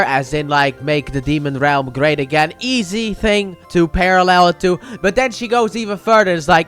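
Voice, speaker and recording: A man's voice: fairly high pitch, fairly quick, hardly any pauses, fairly bright tone, smooth, faint music behind. A man with a slight cold, casually recapping an anime episode in a rambling, chatty way and acting out the characters' lines. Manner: chatty, rambling, acts out quotes in playful voices. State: a little sick. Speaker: anime reviewer.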